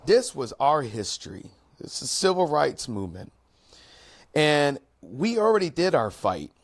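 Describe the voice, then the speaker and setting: A man hosting an online talk show, speaking in an earnest, measured way with occasional pauses. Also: fairly high pitch, very animated, gravelly. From United States. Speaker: host. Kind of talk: casual commentary talk.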